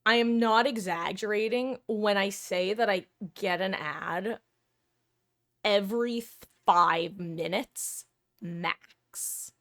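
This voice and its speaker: A woman's voice: mid-range voice, takes it slowly. A woman streamer chatting casually with her viewers, rambling and correcting herself as she goes.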